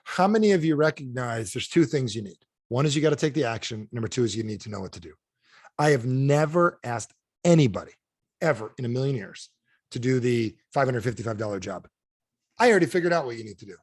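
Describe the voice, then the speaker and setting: A man's voice: medium pitch, lively intonation, a little fast, breathy edge, dry recording, studio quality. A man giving a live seminar talk as a motivational trainer, blunt and salty, who keeps quizzing the audience with "how many of you" questions.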